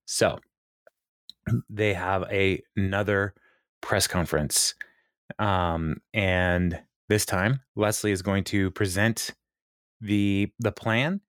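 A man co-hosting a podcast, casually retelling a sitcom episode with lots of fillers and quick laughs. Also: low voice, fairly even intonation, fairly bright tone, dry recording, clean studio sound. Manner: retells scenes with quoted lines, many fillers, laughs often. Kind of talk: casual chat.

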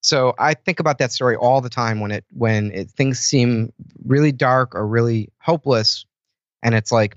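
A man's voice: medium pitch, normal speed, no room sound, lo-fi sound. A man talking casually as a podcast guest, rambling with lots of fillers and restarts. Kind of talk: casual conversation.

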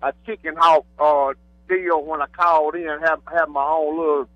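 A man calling in to a radio show, talking in an excited, rambling, folksy way. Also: fairly high pitch, moderate pace, over a noisy crowd. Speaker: caller. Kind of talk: call-in radio chat. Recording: dull phone-line audio with faint music.

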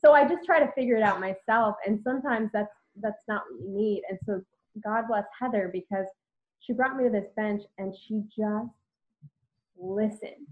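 Speaking at a moderate pace in a mid-range voice, a female podcast host reflects openly on a personal story, leaning heavily on the word "like." The sound quality is thin and phone-like.

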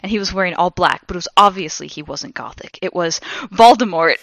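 A woman co-hosting a podcast, reading a story aloud for laughs in an expressive, giggly way. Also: lowish voice, fast talker, gravelly, no room sound. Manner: expressive and giggly, with sudden loud bursts of laughter. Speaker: podcast co-host. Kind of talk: comedic dramatic reading.

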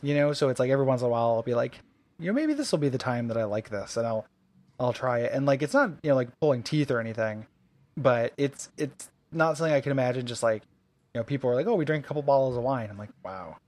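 A man's voice: medium pitch, lively intonation, fast, darkish tone. A man co-hosting a podcast in casual chat, rambling and self-mocking. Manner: rambling, self-mocking, many fillers and restarts. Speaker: podcast co-host.

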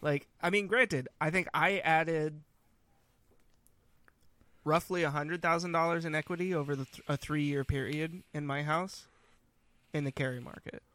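A man's voice: a little high, fairly even intonation, a little slow, pauses often, sharp tone. A man co-hosting a podcast, chatting casually, agreeing and explaining his points. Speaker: podcast co-host. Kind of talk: casual chat.

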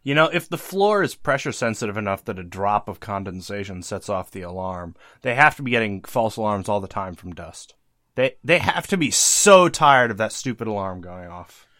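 A man's voice: lowish voice, animated, normal speed, sharp tone, no room sound, clean studio sound. Playful man trailing into laughs. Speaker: podcast co-host. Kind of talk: casual chat.

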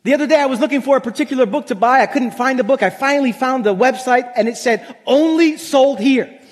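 A man preaching a sermon as pastor, emphatic, slowing and dropping low when he reads scripture. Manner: emphatic, slows down and drops low for scripture lines. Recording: long reverb of a large hall.

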